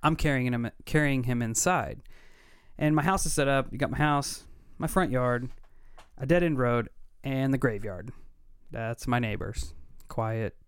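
A man's voice: mid-range voice, measured pace, smooth, no echo, clean studio sound. Earnest man in his thirties telling stories. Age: 30s. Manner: earnest, vivid retelling with quoted dialogue. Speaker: podcast co-host. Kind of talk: casual storytelling.

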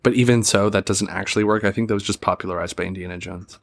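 A man's voice: on the low side, fairly even intonation, fast. Rambling young man in casual chat. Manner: rambling, joking, filler-heavy. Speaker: podcast co-host.

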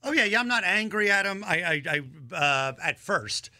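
A man's voice: high-pitched, lively intonation, normal speed, pushed and bright, dry recording. A man co-hosting a podcast in casual chat, who often acts out the voices of the people in his stories. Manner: chatty, acts out quoted voices. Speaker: podcast co-host.

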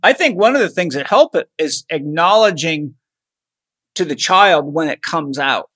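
A man chatting casually as host, telling a lively family anecdote. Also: on the high side, a little slow, dry recording. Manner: animated anecdote-telling, fond. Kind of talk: casual chat, storytelling.

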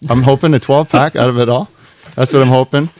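A man's voice: medium pitch, fairly even intonation, quick pace, a little mellow, dry recording. A man hosting a podcast in casual, joking chat that rambles loosely. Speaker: podcast host.

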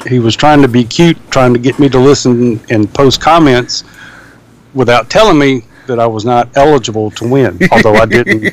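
A man's voice: medium pitch, moderate pace. A man with a thick Southern US accent co-hosting a talk radio show, telling stories in an easygoing way with chuckles. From American South. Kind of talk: casual chat.

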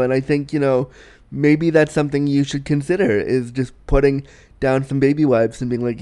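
Young male podcast host, mid-pitched and smooth, frank and giggly in a candid advice chat. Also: normal speed. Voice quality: frank, animated, self-deprecating, giggly.

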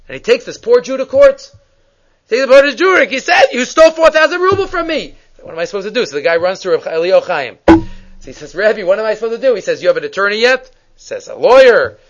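A high-voiced man teaches a Torah class and tells stories, acting out each character's lines with lively energy. Hebrew phrases run through his talk. The recording sounds dull and lo-fi. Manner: animated storyteller acting out dialogue, mixing Hebrew phrases.

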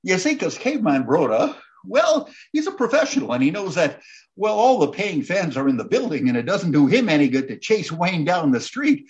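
Guy with a super high voice telling a wild story, gets loud and worked up. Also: normal speed, dull audio. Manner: builds to excited shouting at the climax. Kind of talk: animated anecdote telling.

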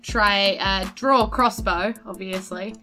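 A woman playing a tabletop game, chatty and excitable, with lots of fillers. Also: mid-range voice, slow pace, faint music behind. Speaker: player. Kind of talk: casual tabletop game chat.

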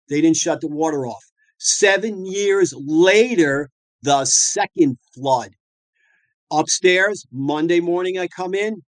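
A man's voice: on the high side, dry recording. A middle-aged man from the northeastern United States, a dentist guest telling colloquial stories with frequent fillers and restarts. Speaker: dentist and practice owner guest. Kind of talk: anecdotal storytelling talk.

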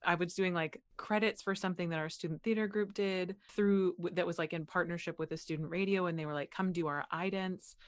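A young American woman from Pennsylvania, a voice actor chatting as an interview guest, animated and quick to laugh. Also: fairly low pitch. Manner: animated, laughs often, frequent "like" fillers. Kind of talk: casual interview chat.

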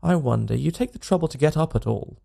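Man doing a peevish, high-pitched quarrelsome friend. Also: expressive, fast, gravelly, warm tone, full character voice. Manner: peevish, raised, retorting. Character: quarrelsome grumbling young Englishman.

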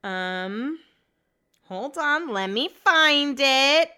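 A woman's voice: high voice, lively intonation, extremely slow, bright, forceful tone, no room sound, studio quality. A young woman hosting a podcast, telling stories in casual chat, chatty and emotional with frequent swearing. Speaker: podcast host.

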